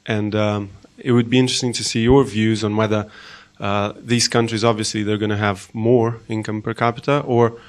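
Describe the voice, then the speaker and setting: A man in the audience asking a long question, halting and full of hesitations. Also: fairly low pitch, flat delivery. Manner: hesitant, many fillers and pauses. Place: lecture room.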